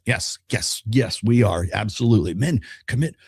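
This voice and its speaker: A man's voice: lowish voice, very animated, normal speed, creaky, a little mellow, husky, dry recording, studio quality. A middle-aged man hosting a podcast, delivering a blunt, profane monologue full of rhetorical questions and restarts. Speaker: podcast host.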